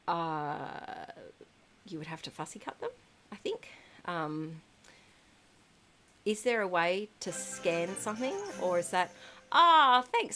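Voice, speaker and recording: Slow-talking woman in relaxed chat. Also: mid-range voice, a little hiss or hum. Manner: chatty, frequent ums, giggles. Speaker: livestream host reading chat. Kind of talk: casual chat on a live stream.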